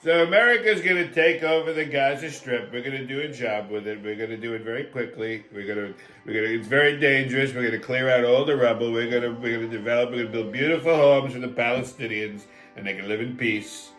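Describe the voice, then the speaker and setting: A man's voice: medium pitch, fast talker, fairly bright tone, faint music behind, voice pushed down, close to an everyday voice. A man doing an impression of a boastful male president who repeats himself and makes threats. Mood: boastful, threatening.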